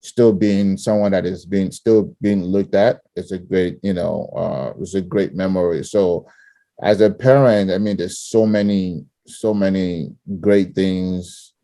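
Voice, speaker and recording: A middle-aged man from Nigeria talks in a relaxed, easygoing way, laughing often and filling his pauses with ums. His voice sits fairly low. The recording is dry and close, with no room sound. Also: no room sound. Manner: relaxed, laughs easily, many fillers. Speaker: guest, former coach and parent. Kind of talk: casual interview chat.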